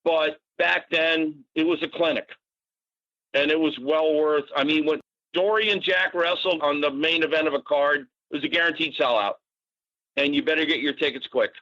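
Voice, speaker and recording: A man in his sixties from Massachusetts, telling casual stories as a podcast guest, animated and quick to swear. His voice is bright and a little high. The sound is dry and slightly dull, recorded close in a small room. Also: no room sound. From Natick, Massachusetts. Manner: animated, swearing storyteller with fillers. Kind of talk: casual storytelling.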